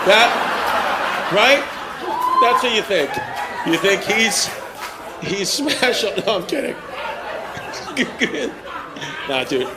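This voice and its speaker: A man doing brash, teasing crowd work as a stand-up comedian in front of a live audience. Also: sits high. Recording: live room with crowd laughter and noise.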